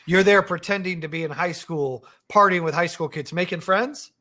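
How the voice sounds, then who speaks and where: Podcast host man, teasing interjections, bright forceful voice. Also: high voice, normal speed. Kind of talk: casual chat.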